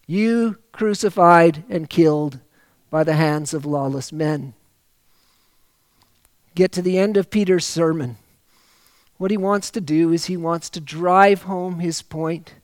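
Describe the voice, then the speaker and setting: Preaching in a high-sitting voice, this man reads scripture aloud and rises to loud, deliberate emphasis on the phrases that matter most. The recording is dry.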